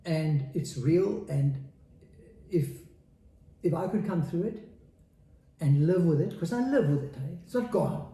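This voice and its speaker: Earnest forties man, dark roomy voice. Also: a little high, animated, unhurried, long pauses, a little hiss or hum. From South Africa. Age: 40s. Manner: earnest, repeats phrases for emphasis. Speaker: podcast guest. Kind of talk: candid interview talk.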